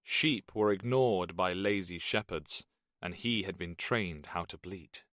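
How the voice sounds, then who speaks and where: Steady man reading a thriller audiobook. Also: sits low, unhurried, dry recording, studio quality. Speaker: audiobook narrator. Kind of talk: scripted narration.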